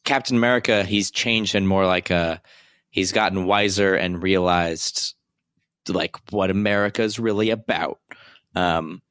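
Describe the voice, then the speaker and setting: A young man with a low, deep voice chats hesitantly about a movie, stopping often to search for words. His voice is recorded dry, with no room sound. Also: steady tone, a bit bright, clear, resonant tone, no echo. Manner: hesitant, halting, frequent fillers. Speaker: podcast co-host. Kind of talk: casual movie review chat.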